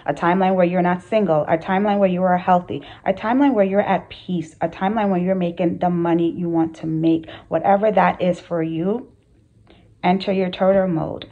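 A woman's voice: on the low side, steady tone, a little fast, dull audio. A woman hosting her channel, speaking earnestly to camera in a casual motivational talk, with repeated phrases and rhetorical questions. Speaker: spiritual coach and channel host.

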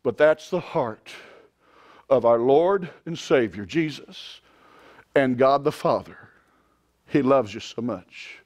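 A man preaching a sermon as pastor, swinging from quiet, drawn-out lines to loud shouted climaxes. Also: mid-range voice, expressive, muffled recording. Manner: impassioned preaching, rising to shouts.

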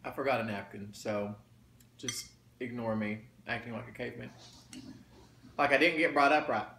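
A man's voice: mid-range voice, fairly even intonation, moderate pace, gravelly, bright, forceful tone. A man chatting casually to viewers while eating, folksy and talkative. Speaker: mukbang vlogger. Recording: roomy echo, faint background noise.

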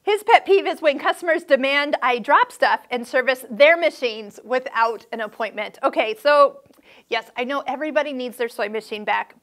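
A middle-aged woman talks through sewing machine tips in a relaxed, chatty vlog manner. Her voice sits high, and she slips in playful, reassuring asides as she goes. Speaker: sewing channel host. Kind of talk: casual instructional vlog.

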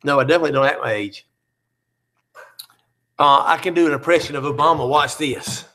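A man's voice: a little high, brisk, bright, forceful tone. A man hosting a live chat, reading out viewer comments and teasing them in a joking, easygoing way.

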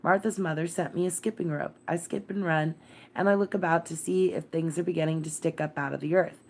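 A woman's voice: on the low side, steady tone, fairly quick, a little mellow. Woman doing a timid, faltering little girl. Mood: anxious. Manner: faltering, tremulous pleading. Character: timid thin young girl, stiff and anxious.

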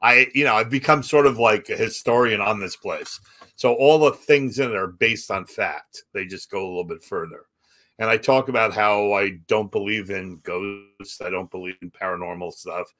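A man's voice: on the low side, moderate pace, a bit bright. A man, a comedian, telling stories animatedly in a podcast chat and acting out other people's lines. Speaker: comedian and guest.

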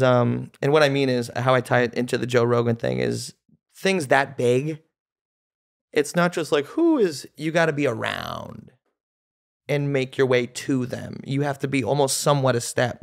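Gravelly-voiced male comedian. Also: medium pitch. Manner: animated, storytelling. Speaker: comedian guest. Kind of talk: casual podcast storytelling.

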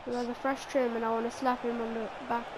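A woman commentating her own football video game, pleading with players and shouting and cheering at goals. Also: a little high, level tone, fast, crowd noise. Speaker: gaming video host. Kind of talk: excited live gameplay commentary. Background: game music.

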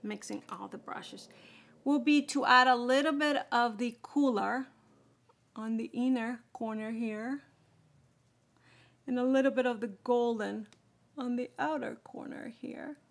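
A woman's voice: on the high side, unhurried, creaky, long pauses. A woman chatting casually through a makeup tutorial, explaining each step as she applies it. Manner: chatty, explaining steps while applying makeup. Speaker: beauty vlogger.

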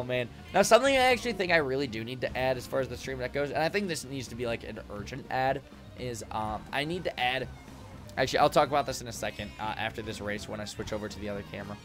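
A young man streaming a game from a home room with acoustic foam, rambling excitably, swearing and laughing often. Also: medium pitch, fast talker, faint music behind. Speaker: gaming streamer. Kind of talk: casual live-stream commentary while gaming.

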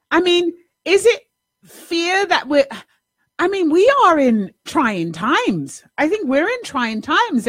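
A woman, host and life coach, telling a story in an animated, casual monologue, acting out the dialogue and swearing now and then. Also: sits high, dry recording, clean studio sound.

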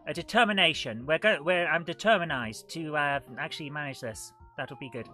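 A woman talks a live retro game stream, chatty and self-mocking as she greets viewers in the chat. Her voice is bright and forward, with faint music playing behind her. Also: deep voice, fairly quick. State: coughing and out of breath. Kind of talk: live gameplay commentary.

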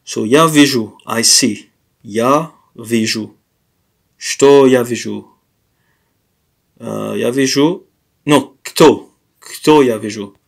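A man teaching a language lesson, explaining grammar in a hesitant way with many pauses, fillers and self-corrections. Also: mid-range voice, gravelly, breathy edge.

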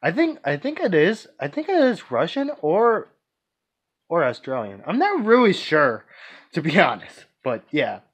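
A man's voice: on the high side, wildly swooping pitch, measured pace, breathy edge. A man vlogging casually, answering viewer questions in a rambling, hesitant way with many restarts and fillers. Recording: dull lo-fi recording.

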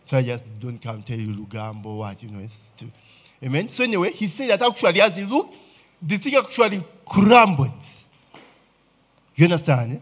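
Ugandan male pastor, husky and fairly high-pitched, chatty preaching style that keeps prodding the congregation. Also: big pitch swings, moderate pace, fairly bright tone. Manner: conversational preaching, frequent "eh?" and "okay?" checks with the congregation. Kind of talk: sermon.

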